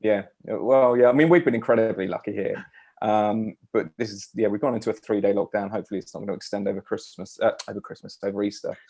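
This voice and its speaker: A man's voice: on the low side, steady tone, fast, a little mellow. A man from Australia, a guest chatting easygoing over a video call. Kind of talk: casual video call chat.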